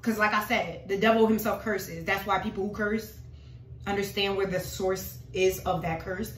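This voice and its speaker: A woman's voice: medium pitch, fairly even intonation, moderate pace, a bit bright, reverberant, a little hiss or hum. A woman talking casually and dramatically to her followers about her faith, calling them y'all. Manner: emphatic, dramatic, addresses viewers as y'all. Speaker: religious vlogger.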